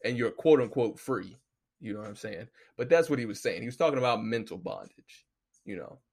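Gravelly man ranting casually. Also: mid-range voice, brisk. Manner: loose, animated storytelling, heavy cursing. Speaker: podcast host. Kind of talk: casual profane commentary.

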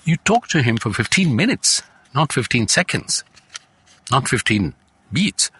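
Animated older man with an Indian English accent. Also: mid-range voice, measured pace, husky. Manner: animated anecdotes, slips into Hindi, acts out quoted family voices. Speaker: guest, voice artist. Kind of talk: relaxed storytelling in conversation.

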